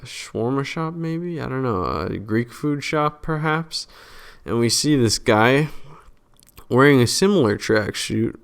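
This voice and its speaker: A man casually recapping a movie's plot in a rambling, loose way. His voice sits low with a gravelly rasp, and he often trails into fillers and restarts. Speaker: channel host summarizing a film.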